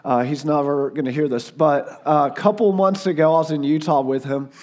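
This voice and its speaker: Hoarse Southern preacher, slightly high voice. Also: male voice, steady tone, brisk, a little mellow. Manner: chatty and joking, lots of "like" and "uh". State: hoarse, losing his voice. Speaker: guest preacher. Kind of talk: casual storytelling before a sermon.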